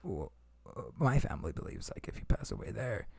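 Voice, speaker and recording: A man's voice: on the low side, very animated, a little fast, vocal fry, a little mellow. A young man hosting a podcast, telling a story in casual chat with lots of fillers, restarts and swearing. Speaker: podcast host.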